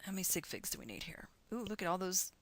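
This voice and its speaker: A woman's voice: on the low side, very animated, fast, a bit bright. A middle-aged woman from the United States teaching chemistry in a recorded lecture, chatty and encouraging as she talks through calculations aloud.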